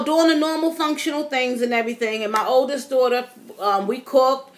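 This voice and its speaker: A woman in her fifties with a high voice talks straight to her viewers in a casual vlog. She tells her stories chatty and dramatic, calling them y'all as she goes. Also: a bit bright. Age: 50s. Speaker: vlogger. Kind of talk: casual storytelling to camera.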